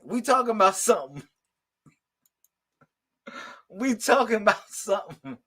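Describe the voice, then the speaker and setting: High, bright-voiced man, slow and slangy. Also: lively intonation. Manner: loud, slangy and laughing, calls out to viewers. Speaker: livestream host giving psychic readings. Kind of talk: casual live-stream chat with viewers.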